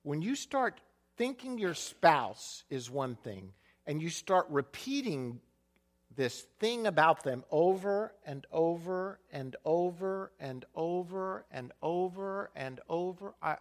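A male pastor delivers a sermon with animated energy. His slightly high voice leaps around in pitch. He falls into a hushed mutter when he imitates people complaining. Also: slow. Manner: animated preaching with dramatic dips to a quiet voice.

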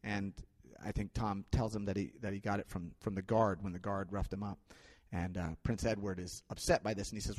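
A man informally retelling a classic story to an audience, in a conversational, animated way that often restarts phrases. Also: on the low side, fairly quick, big-room sound.

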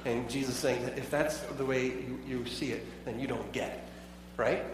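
A man's voice: medium pitch, steady tone, moderate pace, noisy background. A pastor preaching a sermon in a conversational way, asking his listeners many rhetorical questions. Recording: echoey hall, voice from far off.

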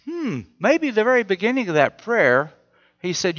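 A man's voice: sits high, big pitch swings, normal speed, a bit bright. A man preaching a sermon in a conversational way, often asking his listeners rhetorical questions. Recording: muffled audio with long hall reverb.

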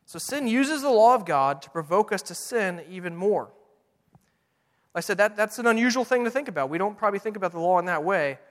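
A middle-aged man preaching a sermon in a church, earnest and emphatic, slowing down to read scripture. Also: sits high, lively intonation. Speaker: pastor. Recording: long hall reverb.

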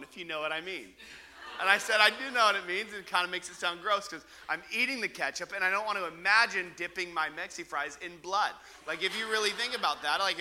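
A man's voice: high voice, a little hiss or hum. A man, a pastor opening his sermon with a funny everyday story and talking straight to the congregation. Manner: animated, humorous storytelling with asides to the congregation.

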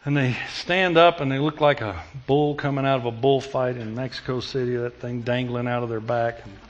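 A middle-aged man preaching a sermon, telling stories and moving between loud emphatic passages and hushed, intimate ones. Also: mid-range voice, fairly even intonation, moderate pace, dull audio. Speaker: pastor.

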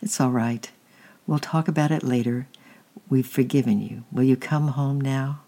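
A reader voicing a kind, patient aunt who gently comforts and coaxes a child and preaches a little. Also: mid-range voice, fairly even intonation, moderate pace, lightly acted. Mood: soothing.

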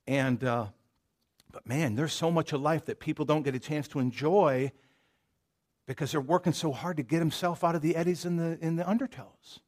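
A male pastor with a drawl preaches to his congregation in a casual, storytelling manner, trailing off into asides and restarting his sentences. His voice sits a little high for a man. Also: moderate pace, a little mellow. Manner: folksy and conversational, with many restarts and asides. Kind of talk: sermon. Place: church sanctuary.

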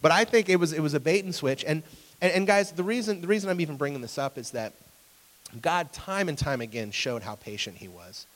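A pastor in his thirties gives a conversational sermon to an audience in a church hall, asking them questions and acting out voices in his anecdotes. His voice is on the high side, animated and brisk, with long hall reverb.

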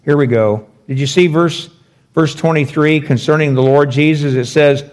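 A man's voice: on the high side, moderate pace, darkish tone. A man teaching through a Bible passage verse by verse, conversational and thinking aloud with rhetorical questions. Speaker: pastor teaching scripture.

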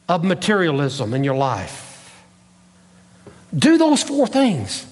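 A man's voice: fairly high pitch, wildly swooping pitch, extremely slow, long pauses, in a large hall. A man preaching a sermon as pastor, with an emphatic, repetitive preaching cadence, recorded in a church sanctuary.

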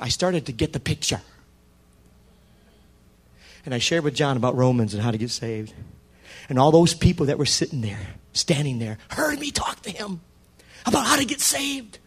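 With a slightly high, husky voice, the middle-aged pastor tells his sermon through a story. He acts out the conversations lively, changing his voice for each speaker.

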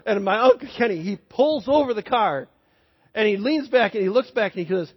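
A man's voice: high voice, sing-song, brisk, husky. A man preaching a sermon in a conversational way, often asking the congregation questions as he tells a story. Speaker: pastor. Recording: dull sound with long hall reverb.

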